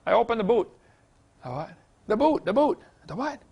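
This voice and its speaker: A man's voice: a little high, sing-song, rapid-fire, breathy edge, highs cut off. A man voicing a chatty Englishman, a bricklayer, who insists and explains patiently. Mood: insistent.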